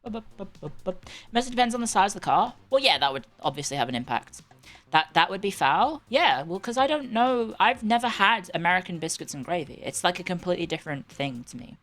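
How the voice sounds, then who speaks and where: A woman's voice: fairly low pitch, lively intonation, fast, a bit bright, faint music behind. A woman with a British accent, livestreaming and chatting casually in a sarcastic, bantering, rambling way. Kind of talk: casual chat.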